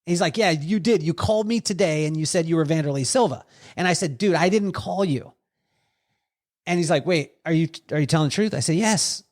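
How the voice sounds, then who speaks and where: A man telling stories as a podcast guest, animated and quoting others with lively voices. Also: on the high side, fast. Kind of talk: storytelling conversation.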